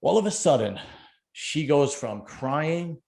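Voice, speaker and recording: A man's voice: on the high side, sing-song, slow, vocal fry, darkish tone. A middle-aged man, hosting a casual chat and telling a rambling, joking story. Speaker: podcast host.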